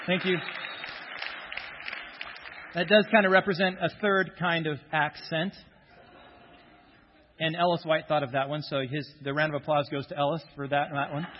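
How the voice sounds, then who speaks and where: Pastor preaching in an echoing church. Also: male voice, a little high. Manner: jokey, self-deprecating banter with the congregation. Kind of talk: sermon with scripture reading. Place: church sanctuary. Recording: dull sound with long hall reverb.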